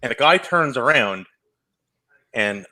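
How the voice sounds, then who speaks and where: A man co-hosting a casual show, telling a story in a fast, animated way. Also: medium pitch, low-quality recording. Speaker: co-host.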